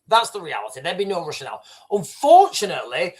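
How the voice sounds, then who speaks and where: A man's voice: on the high side, huge pitch swings, fairly quick, hardly any pauses, a little mellow. A man from Britain hosting a livestream, giving emphatic, opinionated commentary and talking straight to his chat. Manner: emphatic, repetitive, addresses chat directly. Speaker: livestream host.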